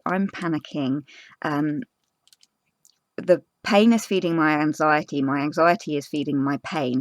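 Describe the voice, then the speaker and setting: A young woman, a crafting vlogger telling a personal story in casual chat, earnest and halting with many fillers and restarts. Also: deep voice, gravelly, no room sound.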